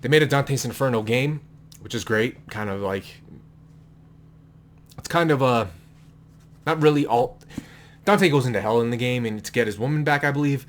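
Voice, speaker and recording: A man's voice: medium pitch, moderate pace, pauses often. A man chatting casually to the camera at home, rambling and correcting himself as he goes, with an offhand, slightly crude manner. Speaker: vlogger showing his book collection. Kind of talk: casual chat. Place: indoors at home with a noise in the room. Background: a distracting noise in the room.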